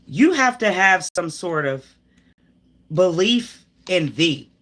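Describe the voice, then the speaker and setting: A woman's voice: medium pitch, fairly bright tone. Woman, tarot reader, live reading, preachy, emphatic, rambling, sighing. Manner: preachy, emphatic, talks straight at the viewer; rambling, with restarts and sighs. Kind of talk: live tarot reading, spiritual pep talk.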